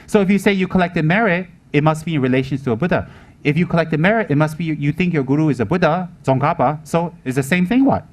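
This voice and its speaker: A Buddhist teacher with a fairly high voice preaches the Dharma at a quick pace. He hammers his points home, repeats them and keeps asking rhetorical questions.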